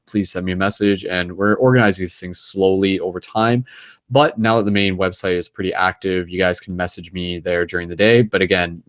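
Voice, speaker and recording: A man's voice: low-pitched, no echo. A man hosting an online group call in a casual, rambling way, full of fillers and restarts, a little tired. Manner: loose, with many fillers and restarts. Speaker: host of an online group hangout.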